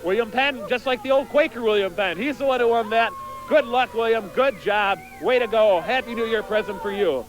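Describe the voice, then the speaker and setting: A high-voiced man rattles on as a hammy local TV reporter. He rambles with mock excitement. He is out in the winter cold. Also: a little fast, low-quality recording. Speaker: comic host of a local TV special.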